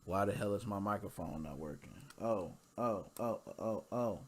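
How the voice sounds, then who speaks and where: A man's voice: lowish voice, moderate pace. A young man hosting a gaming podcast, chatting casually and joking in a slangy style, talking straight to his listeners. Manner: animated, slangy and joking, talks to listeners directly. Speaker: podcast host.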